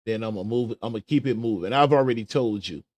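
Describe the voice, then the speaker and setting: A man's voice: fairly low pitch, fast, darkish tone, no echo. A man hosting a casual livestream commentary show, chattily talking himself through searching for a clip. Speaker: show host.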